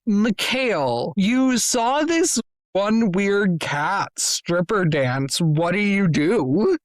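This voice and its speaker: A man's voice: high-pitched, animated, drawn-out words, no room sound, clean studio sound. A man running a tabletop game as game master, narrating and calling for rolls.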